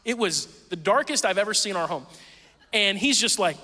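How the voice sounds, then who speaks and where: A man's voice: high-pitched, lively intonation, moderate pace, bright, forceful tone. A man in his thirties preaching a sermon as pastor, talking conversationally with lots of fillers and stories. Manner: conversational, chatty storytelling with many fillers. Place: church hall. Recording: reverberant church hall.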